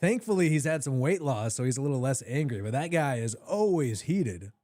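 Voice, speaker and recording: A man hosting a live draft reaction stream, talking casually and rambling with lots of restarts, his voice a bit hoarse. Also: mid-range voice, big pitch swings, fairly quick, dark tone, no echo. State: slightly hoarse.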